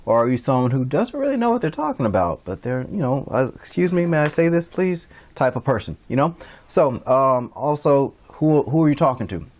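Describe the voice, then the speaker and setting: A man's voice: mid-range voice, big pitch swings, a little fast. A man giving a recorded online lecture as an instructor, talking casually with many fillers and restarts.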